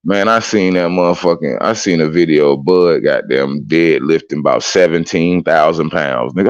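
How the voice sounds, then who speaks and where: A man chatting casually as a streamer, excitable and profane with loud whoops. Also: a bass voice, moderate pace, few pauses, highs cut off. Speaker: streamer reacting to clips. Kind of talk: casual reaction chat.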